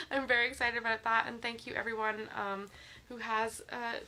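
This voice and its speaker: A woman's voice: fairly high pitch, fairly even intonation, moderate pace, bright, forceful tone. Chatty woman streaming from bed, noisy. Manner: chatty, reads viewer comments aloud. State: sick, slightly congested. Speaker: livestream host. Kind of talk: casual live stream chat. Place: in bed at home. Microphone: phone.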